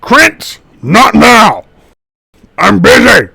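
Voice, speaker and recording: A man voicing an angry hulking male half-orc who barks and shouts orders. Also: high voice, very animated, extremely slow, gravelly, breathy edge, no room sound, pitched above the performer's own voice, heavily acted. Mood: angry shouting.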